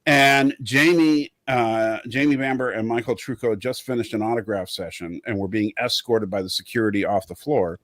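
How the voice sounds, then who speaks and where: A middle-aged man with a West Coast American accent tells a meandering story, full of fillers and restarts. His voice sits at a middle pitch, and the recording is close and dry. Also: normal speed, few pauses, a bit bright, no room sound. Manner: rambling storyteller, many fillers. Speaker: podcast co-host. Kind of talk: casual chat.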